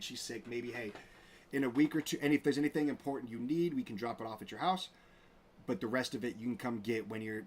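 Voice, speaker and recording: A man hosting a casual commentary show, sounding indignant and rambling through restarts and fillers. His voice sits at an ordinary middle pitch. A faint hiss of noise runs underneath. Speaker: host. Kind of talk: casual commentary reading out messages.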